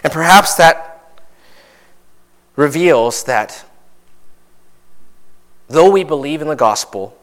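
A young adult man delivers a sermon in a chatty, teaching tone, with a voice pitched somewhat high for a man. He keeps checking in with his listeners through asides and tag questions. When he presses a point, he climbs higher and louder. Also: slow, long pauses. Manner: conversational preaching with frequent asides and tag questions; animated, rises in pitch and volume when stressing a point. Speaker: pastor.

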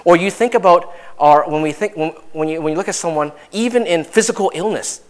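A young adult man delivers a sermon in a chatty, teaching tone, with a voice pitched somewhat high for a man. He keeps checking in with his listeners through asides and tag questions. When he presses a point, he climbs higher and louder. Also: brisk. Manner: conversational preaching with frequent asides and tag questions; animated, rises in pitch and volume when stressing a point. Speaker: pastor.

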